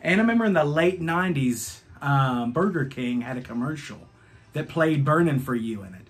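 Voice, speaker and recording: A man's voice: a little high, expressive, moderate pace. A man in his thirties reviewing albums, telling a rambling, profane story in a casual vlog.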